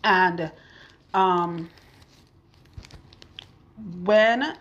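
A woman's voice: on the low side, very slow, a bit bright, dull audio. A woman chatting with her viewers while she works on a client's hair, now and then out of breath. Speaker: loctician vlogger. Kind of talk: casual chat while working on hair. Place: hair salon in a home.

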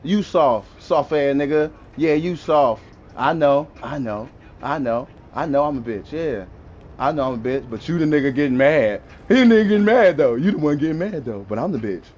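A man's voice: on the high side, animated, moderate pace, a little mellow. A young man gaming and trash-talking an opponent over voice chat, taunting and mocking, repeating his insults over and over. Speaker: gamer.

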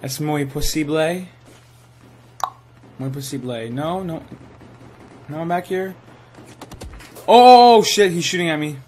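A young man giving live commentary while playing a shooter game, excitable and swearing, sometimes saying he is tired. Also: fairly high pitch, measured pace, pauses often, background noise. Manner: excitable, swears, yells at kills. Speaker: gaming streamer.

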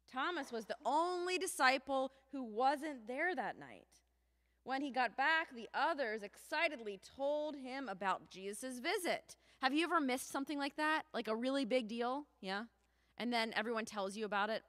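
Animated woman telling a children's sermon. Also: on the high side, a little slow. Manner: animated, asks the children questions. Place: church sanctuary. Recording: long church reverb.

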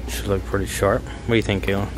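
A young man vlogging while sick, his voice almost gone, talking in a low-key, rambling way with fillers. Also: little pitch movement, fast talker, noisy background. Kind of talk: casual vlog chat.

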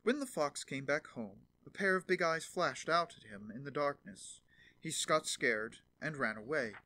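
A man narrating a fairy tale audiobook in an expressive storytelling manner. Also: fairly high pitch, normal speed.

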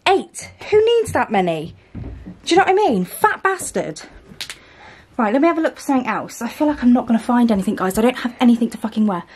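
A woman's voice: fairly high pitch, sing-song, racing, a little mellow, a little hiss or hum. A British woman vlogging casually to camera, blunt, self-mocking and swearing constantly. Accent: British English. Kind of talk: casual vlog chat to camera.

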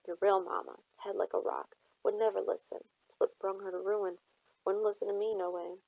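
A woman's voice: mid-range voice, flat delivery, moderate pace, creaky, a little mellow, no room sound, rough recording. A woman voicing an elderly, grieving woman servant who speaks tersely in folksy, nonstandard grammar, read from a novel. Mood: weary scolding. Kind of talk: audiobook character reading.

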